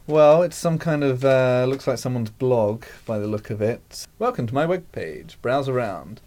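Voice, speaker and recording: A man's voice: mid-range voice, animated, normal speed, darkish tone. Man hosting a rowdy podcast. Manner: laughing, exasperated, keeps the show moving. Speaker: podcast host. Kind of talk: casual comedy podcast chat.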